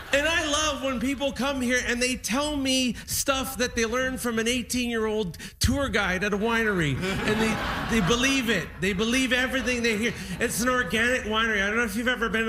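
A man's voice: very high voice, moderate pace, few pauses. A man from Canada doing a stand-up comedy set with enthusiastic, mocking observational humor. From Niagara-on-the-Lake, Canada. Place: live comedy stage. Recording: live stage recording with crowd noise.

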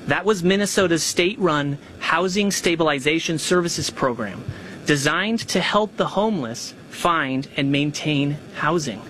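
A man giving a formal statement at a press conference, measured and emphatic, with a slightly raised pitch. Faint noise sits under his voice. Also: fairly bright tone. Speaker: government official at a press conference.

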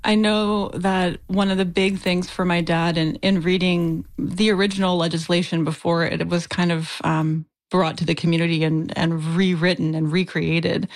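A woman speaking as a guest in a radio interview, emotional, soft-spoken and laughing between her words. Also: lowish voice, flat delivery, moderate pace, hardly any pauses. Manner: soft, laughs while talking. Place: Halifax.

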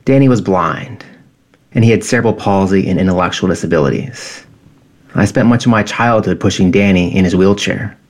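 A man in his thirties reading his own personal essay in a quiet, measured, reflective way. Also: low voice.

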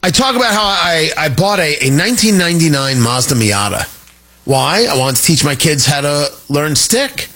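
A middle-aged man hosting a talk radio show, animated and jokey, wandering off on tangents. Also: fairly high pitch, normal speed. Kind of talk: opinionated talk radio monologue.

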